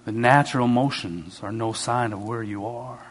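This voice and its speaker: Animated male pastor preaching. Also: moderate pace. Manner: animated storytelling with sudden swings in pitch and loudness. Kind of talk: sermon.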